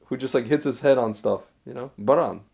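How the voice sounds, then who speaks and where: A man's voice: medium pitch, brisk, vocal fry, mellow. A man co-hosting a casual podcast over an online call, laid-back and full of murmured agreement. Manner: laid-back, lots of backchannel "mm-hmm". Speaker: podcast co-host. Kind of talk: casual chat. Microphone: online call with cheap mic.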